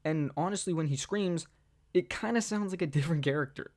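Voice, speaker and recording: A young man talking casually to camera about voice impressions, rambling with many fillers and jumping into squeaky character voices. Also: brisk, a little mellow. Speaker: voice impressionist, video host.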